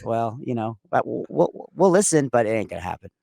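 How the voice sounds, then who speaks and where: A man's voice: medium pitch, very animated, a little fast, creaky, dark tone, dry recording, clean studio sound. A man co-hosting a casual podcast, talking in long rambling sentences with frequent restarts. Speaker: podcast co-host.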